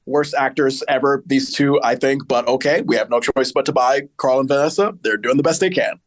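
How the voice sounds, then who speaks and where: A man's voice: mid-range voice, moderate pace. A man co-hosting a podcast, casually recapping a sitcom episode and joking along as he reads from his notes. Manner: chatty, joking, reads plot notes aloud.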